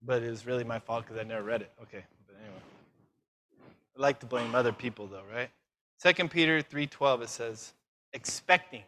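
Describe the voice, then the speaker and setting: Brisk bright-voiced man preaching. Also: mid-range voice. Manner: lively, fires questions at the audience; self-mocking asides. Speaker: conference speaker. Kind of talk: conference sermon.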